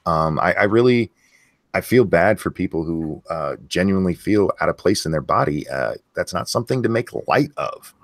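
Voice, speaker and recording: A man's voice: sits low, animated, moderate pace, no echo, clean studio sound. A man hosting a live stream, talking in a blunt, profane, casual way and reading chat messages aloud. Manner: blunt and profane, many fillers and restarts. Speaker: host of a live stream show.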